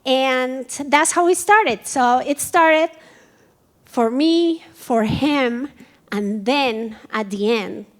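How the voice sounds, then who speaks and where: A woman with a strong Colombian Spanish accent speaks in a high voice. She tells her personal story at a museum event, animated and acting out each quoted exchange. Spanish is her first language, and it colors her English throughout. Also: very slow. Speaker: dance company founder. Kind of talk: personal story told to an audience.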